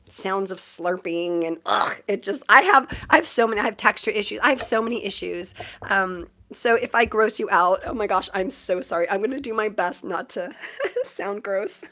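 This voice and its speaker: A Southern California woman in her forties, with a Valley girl cadence, rambles chattily on a live stream as a tarot reader; her voice has been troubled for months. She speaks in a bright, forceful mid-range and calls herself quirky with no filter.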